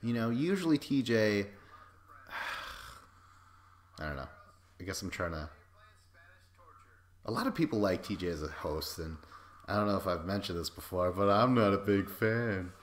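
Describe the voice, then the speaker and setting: A man's voice: on the low side, lively intonation, unhurried, long pauses, slight background noise. A man hosting a podcast, giving casual, sarcastic commentary over a video and swearing freely. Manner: sarcastic, profane, frequent laughs.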